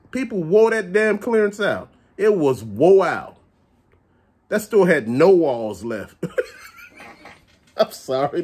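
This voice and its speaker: A man with a slightly husky voice rants straight to camera. His pitch swings up and down as he talks, and he is blunt and plain-spoken, cursing freely. His delivery is casual and unpolished. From Chicago area. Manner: animated, blunt, curses often. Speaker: vlogger ranting about stores. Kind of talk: casual profane rant.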